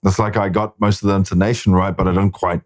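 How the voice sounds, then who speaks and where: A man's voice: sits low, level tone, fast talker. A man who is a filmmaker and actor, chatting frankly and reflectively as a podcast guest, swearing often. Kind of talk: casual chat.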